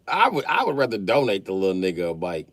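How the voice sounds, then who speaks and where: A man's voice: lowish voice, fast talker, no room sound. A man in his late thirties telling profane, comic stories on a livestream, laughing as he goes. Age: late 30s. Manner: animated, profane, laughs mid-story. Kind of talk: comedic storytelling rant.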